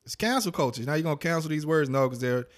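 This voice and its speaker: A man's voice: fairly high pitch, animated, fast talker. A man co-hosting a podcast, firing off blunt, crude, joking retorts in casual chat. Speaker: podcast co-host.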